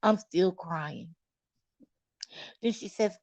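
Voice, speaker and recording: A woman's voice: lowish voice, takes it slowly, long pauses, no room sound. A woman recounting a personal story to viewers in a candid, dramatic way, cursing freely. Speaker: storyteller vlogger.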